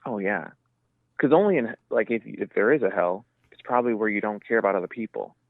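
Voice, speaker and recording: A man's voice: on the low side, a little fast, no echo. A man, a podcast guest, telling stories in a casual chat and acting out the people he quotes. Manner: lively storyteller, acts out quotes. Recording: thin phone-like sound, dry.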